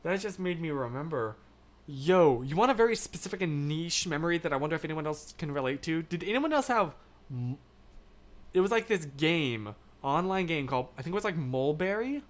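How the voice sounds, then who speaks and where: A man's voice: a little high, lively intonation, fairly quick. A young American man in his twenties hosting a live stream, chatting casually and rambling with lots of fillers while reading out viewer comments. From United States. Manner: rambling and chatty, many fillers, laughs often. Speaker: livestream host.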